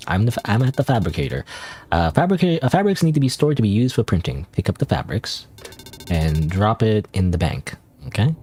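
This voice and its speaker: A man's voice: fairly low pitch, warm tone. A man streaming a game, thinking aloud in casual commentary with many restarts and hesitations.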